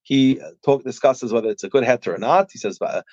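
A man explains a scholarly subject in a casual, halting way, full of restarts and fillers. His voice sits at an ordinary pitch and sounds dry and close. The sound is slightly dull and muffled. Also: a little mellow, no echo. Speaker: podcast guest discussing a published book.

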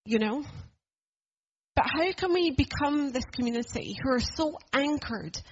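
A woman's voice: high-pitched, expressive, measured pace, highs cut off. A woman preaching a sermon in a church, earnest and conversational, asking the room questions.

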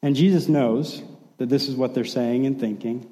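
Mellow-voiced man preaching in a hall. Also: medium pitch, fairly even intonation, normal speed. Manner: conversational storytelling, acts out quoted lines. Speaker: pastor. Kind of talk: sermon.

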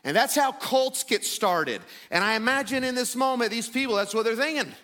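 A man in his thirties preaching a sermon to a church congregation, animated and conversational, acting out quoted voices. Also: extremely high pitch, normal speed. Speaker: pastor. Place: church sanctuary.

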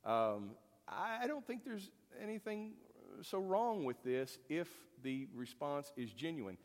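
A man delivers a folksy, conversational sermon, wandering into stories and jokes with plenty of ums and restarts. His pitch swings widely, and his voice carries a long reverb from the hall. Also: very animated, a little slow. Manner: folksy, storytelling, many fillers and restarts. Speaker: pastor.

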